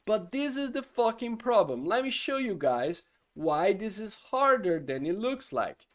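A man, a solo game engine developer, ranting in exasperation about his code, swearing and bursting out loudly. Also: high voice, big pitch swings, measured pace. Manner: exasperated and swearing, loud outbursts. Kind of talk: frustrated coding rant.

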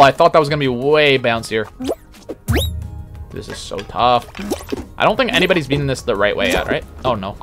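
A man streaming a platform game, talking casually in an excitable, boastful way with sudden yelps. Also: medium pitch, fairly quick, long pauses, music in the background. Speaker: livestreamer. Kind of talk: casual gaming commentary.

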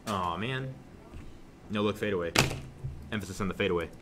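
A young man teaching a math class, joking with students and suddenly yelling for effect, recorded in a classroom. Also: sits low, fairly quick, very noisy. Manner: joking, animated, shouts suddenly. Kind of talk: classroom lesson.

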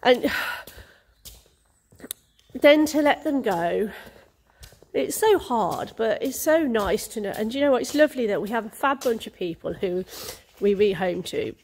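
A woman's voice: fairly high pitch, expressive, takes it slowly, a little mellow. A woman running a racehorse retraining yard, chatting casually in a rambling way with lots of ums. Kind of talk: casual vlog chat.

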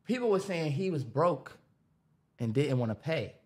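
A man's voice: a little high, animated, normal speed, warm tone. A man co-hosting a podcast, talking in a casual, profane, joking way. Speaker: podcast co-host.

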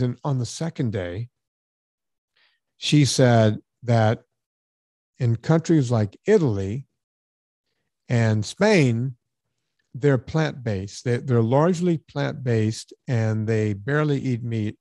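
A man's voice: mid-range voice, lively intonation, takes it slowly, long pauses, mellow, dry recording. Sarcastic man telling a story, dry sound. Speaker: podcast host. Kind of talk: casual chat.

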